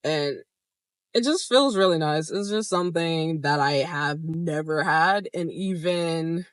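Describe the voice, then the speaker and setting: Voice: medium pitch, a little slow, dry recording. Young adult vlogger, casual storytelling, candid and profane, mid-range voice, dead-dry room. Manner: candid, swears freely, laughs while retelling.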